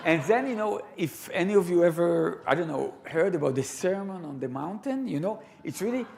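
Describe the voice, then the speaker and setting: Animated Israeli storyteller man. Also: high-pitched, normal speed, creaky. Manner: animated, self-interrupting, laughing asides. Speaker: storyteller guest. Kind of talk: live storytelling talk. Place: large temple sanctuary.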